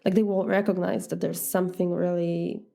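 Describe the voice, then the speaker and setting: A woman's voice: on the low side, level tone, moderate pace, vocal fry, dark tone. A woman with a Polish accent, a native Polish speaker, giving earnest, direct coaching advice in a podcast talk. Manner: earnest, direct, acts out sample dialogues. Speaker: life coach.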